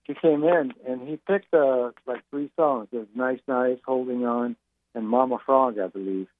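A man's voice: medium pitch, normal speed, no echo. Older man, interview guest by phone, loose talker full of "you know", tinny dry line. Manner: rambling, many fillers and restarts. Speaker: musician guest.

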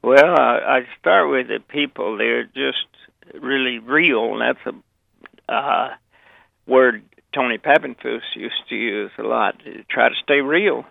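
An older Southern man tells his stories in a rambling way, chuckling and restarting his sentences. His voice is heavily gravelly and full of fry. It comes over a dry, tinny phone line. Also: mid-range voice, slow, no room sound. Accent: Southern American. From Memphis, Southern US. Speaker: guest, actor and author. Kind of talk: relaxed anecdotal interview.

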